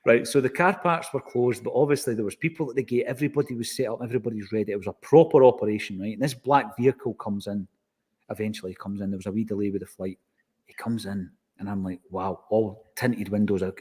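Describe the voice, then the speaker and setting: Scottish man telling an animated anecdote. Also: fairly low pitch, fast, husky. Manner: animated anecdotal, acts out quoted exchanges. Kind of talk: casual storytelling.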